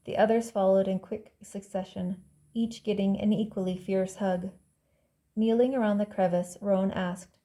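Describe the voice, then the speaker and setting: A woman reading her own novel aloud as audiobook narration, calm and measured. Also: mid-range voice. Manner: calm, measured storytelling, voicing characters lightly.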